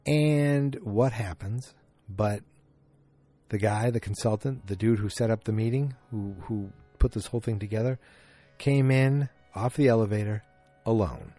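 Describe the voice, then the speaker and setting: Man, podcast host, casual recap, lowish voice, warm tone, acts out lines. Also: a little slow, soft background music. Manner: retells scenes, acting out the lines with pitch jumps; many fillers and restarts, chatty.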